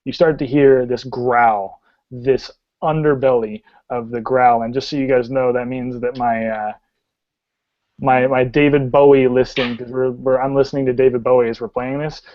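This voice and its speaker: A man narrating a tabletop game as game master, rambling and halting with many fillers. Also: mid-range voice, steady tone, dry recording. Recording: dull lo-fi sound.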